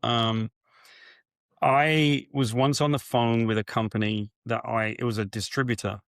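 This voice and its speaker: A man guest on an interview podcast, telling an anecdote in a lively, animated way and mimicking other people's voices. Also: mid-range voice, a little slow, no room sound, clean studio sound. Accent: non-local accent. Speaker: guest comics writer. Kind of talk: casual interview storytelling.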